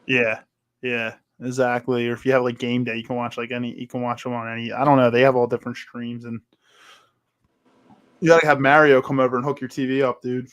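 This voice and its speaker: A man talking in a loose, casual podcast chat, swearing freely and acting out crowd voices as he tells a story. His voice sits at a middle pitch for a man. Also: level tone, fairly quick, a bit bright. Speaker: podcast co-host.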